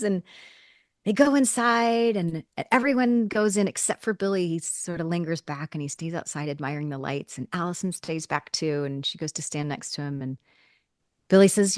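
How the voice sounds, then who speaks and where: A woman's voice: lowish voice, normal speed, a little mellow, no room sound, clean studio sound. A woman co-hosting a podcast, animatedly recapping a TV episode in casual chat and laughing often. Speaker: podcast co-host.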